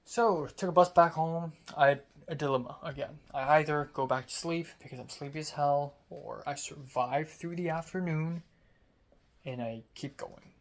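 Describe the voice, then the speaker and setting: A young man from Hong Kong talks through his day in a casual vlog. His voice sits a little high, and he sounds sleepy as he rambles slowly with plenty of fillers. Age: young adult. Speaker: student vlogger.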